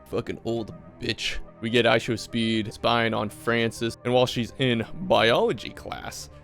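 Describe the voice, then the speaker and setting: A man's voice: medium pitch, measured pace, vocal fry, soft background music. A man recapping a movie in a casual, joking, profane way. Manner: swearing, joking, animated.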